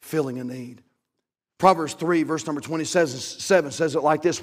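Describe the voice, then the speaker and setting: A man preaching as a pastor, impassioned and repeating his phrases, rising to shouts at the high points. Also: normal speed. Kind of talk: sermon. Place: church sanctuary. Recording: long reverb of a church hall.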